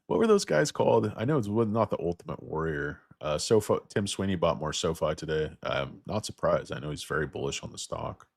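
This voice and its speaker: A man with a hoarse voice from getting sick, hosting a casual livestream about stocks. He rambles, jokes crudely and talks to his viewers. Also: rumbling low, fairly quick, hardly any pauses, dry recording, clean studio sound. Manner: rambling, crude, joking asides. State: losing his voice, feeling sick. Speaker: stock market livestream host.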